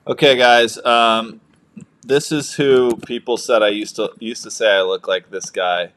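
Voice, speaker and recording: A man's voice: mid-range voice, fairly even intonation, unhurried, fairly bright tone. A young man co-hosting a casual livestream, joking around and reading viewer comments aloud. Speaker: livestream co-host, new father.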